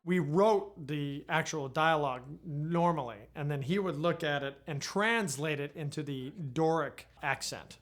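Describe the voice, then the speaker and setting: A man in a relaxed interview, explaining how the film was made. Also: on the high side, a little slow. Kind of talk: behind-the-scenes interview.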